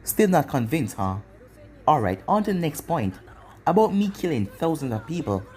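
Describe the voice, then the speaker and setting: A man's voice: a little high, big pitch swings, moderate pace, a little mellow. A man voicing an arrogant young male ninja turned traitor, smug and taunting, in a fan-made storybook reading.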